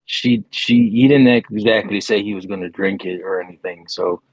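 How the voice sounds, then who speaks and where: A man's voice: fairly low pitch, steady tone, normal speed, husky, no room sound. A man playing a tabletop game who rambles through his ideas with plenty of "like". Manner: rambling, full of "like". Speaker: player. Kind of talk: casual tabletop game play.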